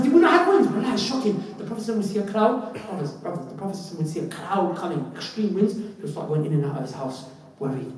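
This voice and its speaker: A young man preaching a sermon, animated, acting out quotes and rising to shouts. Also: on the high side. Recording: echoey hall, far from the mic.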